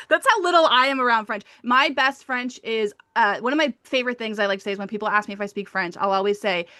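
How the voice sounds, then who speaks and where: A woman's voice: a little high, lively intonation, a little fast, pushed and bright, no echo, studio quality. A Canadian woman hosting a podcast, chatting and giggling through the interview. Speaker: podcast host. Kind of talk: casual interview chat.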